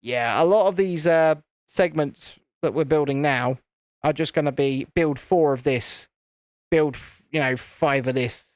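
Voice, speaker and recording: Host, rambling live-stream chat, dry close sound, middle pitch. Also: a little slow, smooth, dry recording. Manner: rambling, chatty, repeats phrases. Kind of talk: casual live-stream chat while building. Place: home, live-streaming while building Lego.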